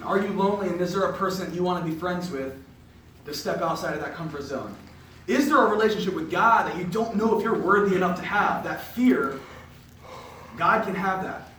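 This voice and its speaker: A young man with a slightly high voice shares a personal faith testimony as a podcast host, speaking to a room of listeners indoors. He tells it like an animated storyteller, using casual filler words. The room echoes, the mic is distant, and there's faint noise.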